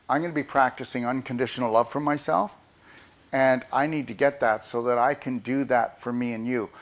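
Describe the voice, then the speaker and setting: A man's voice: medium pitch, muffled recording. A man, a doctor, giving an impassioned motivational talk and pressing his audience with rhetorical questions.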